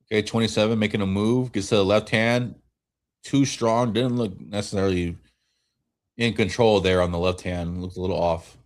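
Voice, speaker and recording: A man streaming a watch-along, giving relaxed fan play-by-play while tired and yawning, often restarting his sentences. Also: on the low side, moderate pace. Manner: relaxed, rambling calls with frequent self-corrections. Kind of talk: casual fan play-by-play commentary.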